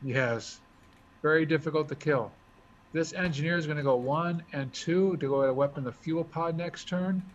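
A man talking through his moves as he explains a board game, thinking out loud in a casual way. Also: a little high, moderate pace. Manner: chatty, thinks aloud while moving pieces. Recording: dull lo-fi recording with faint hiss.

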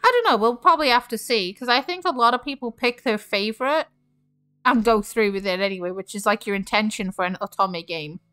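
Young woman streamer, expressive casual gamer chat, smooth and clear with a high-ish voice. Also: a little fast, no room sound, faint music behind. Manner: expressive, swears freely. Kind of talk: game playthrough chat and reading.

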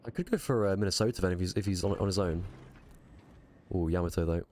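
Deep-voiced man streaming a game. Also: fast, mellow. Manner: muttering reactive play-by-play, talks to himself. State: strained voice. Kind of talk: live gameplay commentary.

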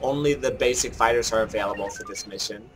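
A man's voice: medium pitch, quick pace, music in the background. Joking man narrating his gameplay. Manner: jokey, self-mocking, thinks aloud while playing. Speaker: gameplay commentator. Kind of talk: casual let's-play commentary.

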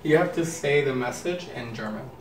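A man's voice: medium pitch, animated, normal speed. A man hosting a casual candy-tasting video, playful and easily delighted. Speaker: vlogger host. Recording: roomy echo, from a distance, faint noise.

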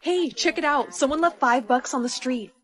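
An expressive young woman leading a series of short comedy POV skits. Her voice sits slightly high, with lively, quick reactions. A faint hiss runs underneath. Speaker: skit creator playing the lead teen girl. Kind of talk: comedic POV skit acting.

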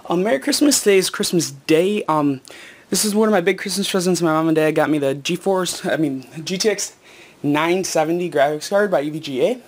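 A teenage boy, out of breath and excited, rambling with lots of ums and self-corrections in a casual unboxing vlog. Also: on the high side, a little fast, slight background noise. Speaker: gaming video maker.

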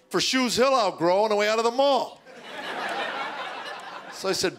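A middle-aged man doing stand-up, telling deadpan stories and acting out his kids' voices before a live audience. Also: high voice, normal speed, pauses often. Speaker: stand-up comedian. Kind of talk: stand-up comedy routine. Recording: live show with audience noise.

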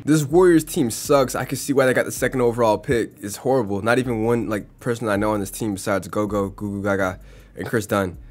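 A man's voice: lowish voice, fairly quick, soft background music. A young man casually commenting on a basketball video game simulation, chatty and reacting as results come in. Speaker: gaming YouTuber.

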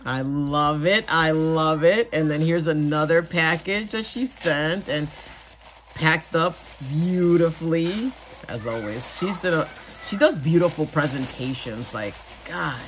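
A woman vlogger opens gifts in a casual chat and gushes over each one with gasps of delight. Her voice sits on the lower side and her talk runs slow and unhurried. A clear hum of household noise plays behind her. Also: animated. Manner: gushing, gasps and squeals when delighted.

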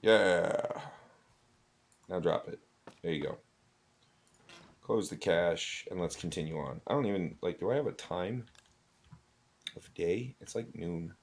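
Male streamer, chatty, jokey, thinking aloud, lowish voice. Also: measured pace, pauses often. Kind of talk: casual gameplay commentary.

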